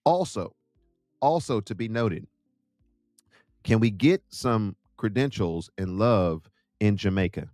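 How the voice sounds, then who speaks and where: Man, host, lively swooping delivery, low voice, dry close sound. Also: slow, long pauses, dry recording, faint music behind. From United States. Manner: animated, jokey, puts on voices in quotes. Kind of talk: casual storytelling.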